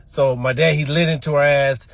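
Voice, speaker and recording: A man doing stand-up comedy, telling a story from his childhood in a rather high voice. He stammers and repeats himself as he goes, and laughs at his own tale. The sound is dry and close. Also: steady tone, moderate pace, no echo.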